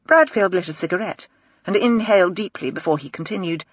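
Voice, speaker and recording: An audiobook narrator reading a crime novel in a measured, even storytelling manner. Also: medium pitch, no echo, highs cut off. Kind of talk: scripted narration.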